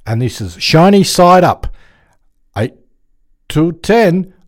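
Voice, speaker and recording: A man's voice: fairly high pitch, sing-song, slow. An Australian man hosting a community radio show from the studio, chatting and joking to himself. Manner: chatty, jokey, talks to himself. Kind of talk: casual radio chat.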